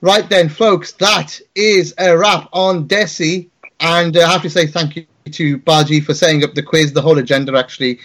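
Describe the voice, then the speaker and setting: A man's voice: fairly high pitch, steady tone, moderate pace, fairly bright tone. A man hosting a live podcast, wrapping up the show with casual, sweary thanks to his guests. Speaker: host.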